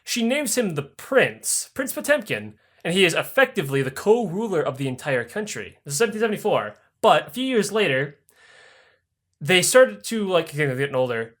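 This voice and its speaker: A young man tells history as a crude, rowdy comedy bit, cursing in nearly every sentence. His voice sits high and swings widely up and down as he talks. He acts out the people in the story as he goes. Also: brisk. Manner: animated, swears constantly, acts out voices mid-story. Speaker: podcast host.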